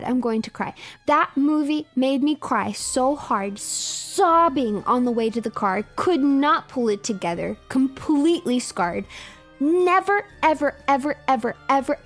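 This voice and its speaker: A young adult woman streamer chatting casually with her viewers, telling a story in an animated, emphatic way with lots of repetition. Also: sits high.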